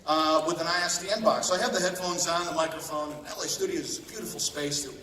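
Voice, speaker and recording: A male voice actor on a convention panel tells rambling, chatty anecdotes mixed with bits of laughter, speaking fast with a fairly even intonation and a sharp tone on the high side. He's recorded from far off in an echoey hall, a large convention panel room.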